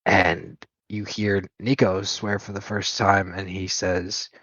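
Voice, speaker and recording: A man with a lowish voice narrates a tabletop session as game master, unhurried and pausing now and then. The sound is dry and dull, like a lo-fi recording. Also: level tone, a bit bright, no echo. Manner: descriptive, unhurried narration with hesitations.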